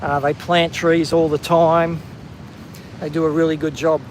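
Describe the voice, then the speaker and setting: A man's voice: fairly high pitch, little pitch movement, unhurried, slight background noise, rough recording. A man with an Australian accent hosting a live stream while walking outdoors, chatting casually and greeting viewers by name. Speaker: livestream host. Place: outdoors on a windy coastal headland.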